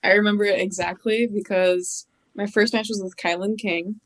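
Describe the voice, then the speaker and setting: A woman's voice: mid-range voice, steady tone, moderate pace, rough recording. Bubbly young woman telling stories. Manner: bubbly storyteller, laughs often, acts out quotes. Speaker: podcast guest. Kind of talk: casual interview chat.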